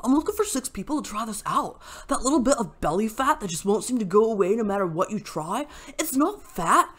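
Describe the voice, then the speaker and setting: A woman's voice: fairly high pitch, big pitch swings, brisk, pitched above the performer's own voice. A woman voicing a smug, douchey young bro who pushes a diet cleanse in a salesy, hyped-up manner. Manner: salesy, pushy hype.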